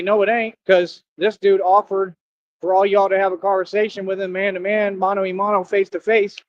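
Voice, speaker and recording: A man's voice: high-pitched, highs cut off. A man hosting a livestream, talking casually to his chat and mocking commenters in a combative way. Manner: combative, mocking, talks back to viewer comments. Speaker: livestream host.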